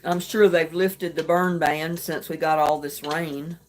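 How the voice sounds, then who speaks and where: A middle-aged woman hosting a casual late-night livestream chat, greeting viewers and talking about her day in a homey way with soft laughs. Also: sits low, flat delivery, a little slow. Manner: chatty, homey, laughs softly between remarks. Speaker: livestream host. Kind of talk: casual live chat reading comments.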